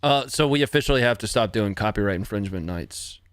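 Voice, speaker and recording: A man's voice: on the low side, animated, quick pace, clean tone, dry recording. A man in his thirties from the United States, casually chatting with viewers while streaming a game, laid-back and chuckling often. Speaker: livestream host.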